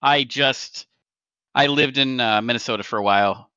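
A man's voice: mid-range voice, moderate pace, pushed and bright, clean tone, dry recording. A middle-aged man co-hosting a gaming podcast, talking bluntly and emphatically with plenty of swearing. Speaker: podcast co-host. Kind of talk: casual chat. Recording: dull lo-fi mic.

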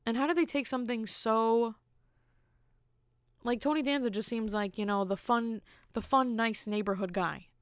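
A woman's voice: fairly high pitch, normal speed, clean tone, dry recording, studio quality. A woman hosting her own podcast, telling stories in a blunt, candid way with incredulous asides. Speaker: podcast host. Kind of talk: casual solo podcast monologue.

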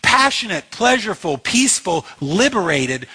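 A man's voice: high-pitched, very animated, unhurried, hardly any pauses, pushed and bright, husky. A man preaching a sermon as pastor, impassioned and emphatic, repeating phrases for weight.

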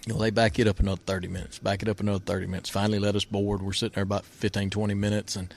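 Low-voiced man telling a folksy story. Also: little pitch movement, very fast, gravelly, slight background noise. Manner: laughs often, repeats himself, folksy. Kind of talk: casual storytelling chat.

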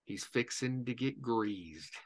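A man's voice: medium pitch, steady tone, fairly quick, bright, forceful tone, close to an everyday voice. A man quoting a terse, laid-back shark-fishing guide. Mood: laconic.

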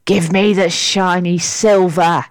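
A woman voicing a greedy, slow-witted male bog pixie creature in a storybook reading, growling and drawling. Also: lowish voice, steady tone, dry recording.

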